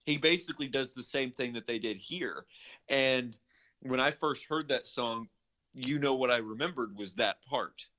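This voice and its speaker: A man co-hosting a casual music podcast, chatty and animated, often restarting and correcting himself. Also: mid-range voice, normal speed. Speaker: podcast co-host.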